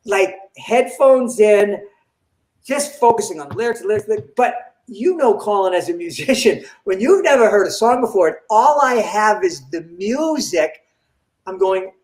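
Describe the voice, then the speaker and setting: Older male comedian, high voice, animated storyteller acting out quotes, roomy echo. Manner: animated, acts out quoted dialogue. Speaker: comedian guest. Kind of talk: storytelling in an interview.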